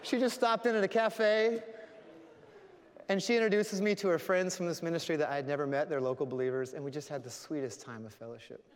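A man's voice: a little high, steady tone, fairly quick. A man preaching a sermon, telling a story earnestly and closing in prayer. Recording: long hall reverb.

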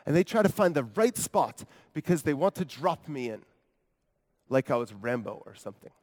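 Guy doing a sermon as a paralyzed man telling his own story, wry asides, lively swoopy delivery, big reverby church. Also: fairly high pitch, normal speed. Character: paralyzed grown man from Capernaum, earnest, wry. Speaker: preacher in character. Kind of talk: first-person dramatic monologue sermon. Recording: long hall reverb.

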